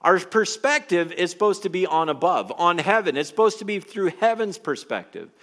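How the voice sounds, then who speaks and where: Man, preacher, sermon, high voice, very lively pitch, conversational, church congregation. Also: normal speed. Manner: animated and conversational, asks the congregation questions.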